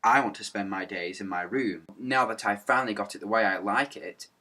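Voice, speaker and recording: A man voicing a gloomy fifteen-year-old girl with a flat, mournful delivery in a children's story. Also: fairly low pitch, fairly quick. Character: gloomy teenage girl, fifteen, dressed in black.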